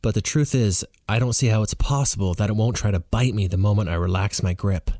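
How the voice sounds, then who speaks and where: A man narrating a novel in the first person with an animated, expressive reading. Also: on the low side, moderate pace, dry recording. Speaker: audiobook reader.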